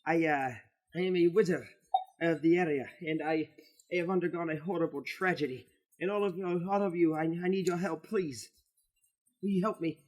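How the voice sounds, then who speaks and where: A man voicing an elven wizard cursed into a sheep, in a higher put-on accent with a polite, stammering manner. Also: moderate pace, lightly acted. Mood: pleading. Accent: put-on elvish accent.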